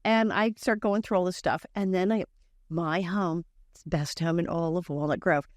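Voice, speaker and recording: An older woman, a guest on a podcast, telling lively stories about her past and acting out voices as she quotes people, often laughing. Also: on the low side, moderate pace, no echo, studio quality. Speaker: guest, former child actress. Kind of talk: casual podcast storytelling.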